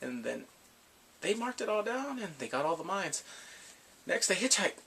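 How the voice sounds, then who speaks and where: A man casually recapping drama episodes in a rambling, excitable way, gasping and laughing as he goes. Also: high voice, normal speed, gravelly, a little hiss or hum. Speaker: drama reviewer.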